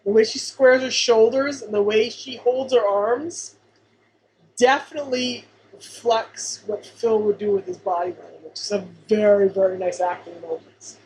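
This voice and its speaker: Bright-voiced woman, playful podcast co-host. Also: on the high side, a little hiss or hum, rough recording. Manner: quick to agree and laugh, playful commentary. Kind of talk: casual chat reviewing a sitcom episode.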